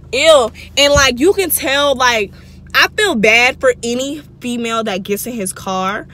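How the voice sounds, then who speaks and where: A young woman vlogger in her twenties telling a story in a casual, animated, slangy way, calling viewers y'all. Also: on the high side, a little hiss or hum. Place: walking outdoors, then her closet at home.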